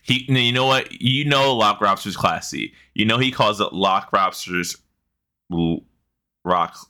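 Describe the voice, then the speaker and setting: A man in his thirties banters on a podcast, cracking jokes and swearing freely. His voice sits a little low but sounds bright and forceful. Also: unhurried. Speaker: podcast co-host. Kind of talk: casual chat.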